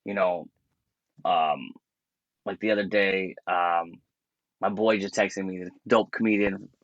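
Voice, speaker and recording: A man's voice: deep voice, fairly even intonation, slow pace, dry recording, dull audio. A man who is a comedian, telling stories in a laid-back, slangy way and laughing often in a casual podcast chat. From Canada. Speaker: comedian guest.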